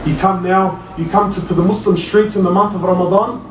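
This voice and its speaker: A male preacher giving an animated sermon to a crowd, often rising to near-shouts and calling listeners brother. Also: sits high, brisk, noisy background. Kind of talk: passionate sermon. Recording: echoey hall, mic at a distance.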